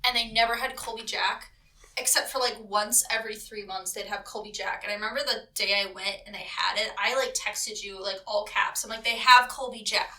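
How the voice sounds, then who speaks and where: A woman's voice: medium pitch, fairly even intonation, a little fast, bright, forceful tone, distant mic, low-quality recording. A young woman co-hosting a podcast, chatting casually with lots of fillers and easy laughter. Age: young adult. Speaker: podcast co-host. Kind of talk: casual chat.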